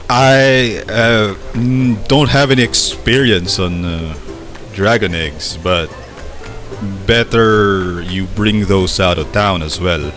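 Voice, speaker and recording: A man's voice: on the low side, fairly bright tone, exaggerated voice. A man doing a breathless governor. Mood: surprised. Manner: panting, halting, friendly. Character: breathless middle-aged male town governor, earnest.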